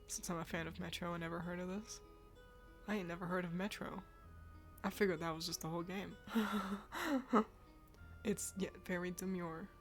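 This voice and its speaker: A woman's voice: lowish voice, moderate pace, long pauses, soft background music. A woman streaming live, chatting casually about games while sick and congested, laughing often.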